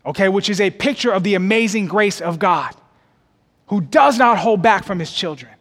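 A male pastor preaches in a high, bright voice that climbs and swells for emphasis. His delivery is folksy and direct, calling the congregation y'all. The sound carries a long reverb from a church sanctuary. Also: moderate pace. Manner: expressive preaching, climbs higher and louder for emphasis. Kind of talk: sermon.

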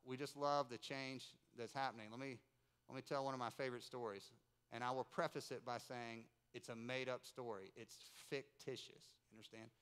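A man's voice: medium pitch, brisk, clear, resonant tone. A man in his forties from North Carolina, preaching a sermon and telling stories with playful asides. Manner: storytelling, animated, playful asides. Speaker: pastor. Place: church service in a rented building.

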